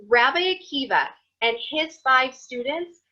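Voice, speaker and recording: A woman in her thirties gives a lively motivational class and acts out the voices she quotes. Her voice is bright and fairly high. The recording sounds somewhat dull and lo-fi. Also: unhurried. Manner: animated, chatty, acts out quotes. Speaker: Torah teacher.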